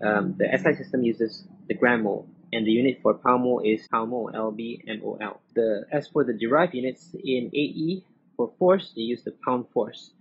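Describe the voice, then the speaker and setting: Methodical male lecturer at mid pitch, spelling symbols letter by letter; dull lo-fi recording. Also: normal speed, vocal fry. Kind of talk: recorded lecture over slides. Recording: muffled old recording with faint hiss.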